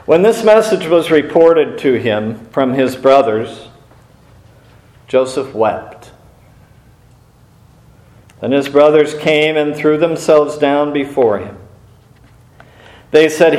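A man preaching a sermon in an earnest, measured way, with brief pauses and small restarts. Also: a little high, lively intonation, a little mellow. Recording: echoey room.

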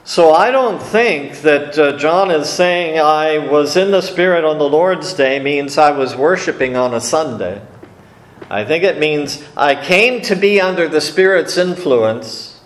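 A man preaches a Bible teaching in an unhurried, homely, conversational manner. His voice sits a little high, and the words carry around an echoey room. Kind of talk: sermon.

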